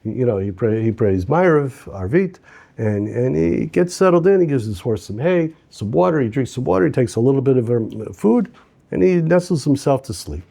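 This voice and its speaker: A male teacher telling a story in a lively, conversational way. His voice is mellow and relaxed, and his pitch moves a great deal. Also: normal speed, vocal fry. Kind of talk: storytelling lesson.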